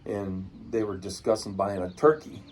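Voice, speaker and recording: Low mellow-voiced man telling stories. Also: fairly even intonation, moderate pace, a little hiss or hum. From Washington state, US. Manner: rambling, folksy, acts out quoted voices. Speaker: pigeon breeder interviewee. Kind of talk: casual storytelling interview. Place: outdoors.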